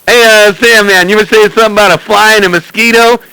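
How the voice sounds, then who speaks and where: A man's voice: high voice, steady tone, fast, sharp tone, clean tone, dry recording, poor audio. A man chatting and joking with other operators over CB radio, calling their handles again and again in a teasing way. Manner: teasing, repeats calls like "hey, Sandman". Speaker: CB radio operator streaming live.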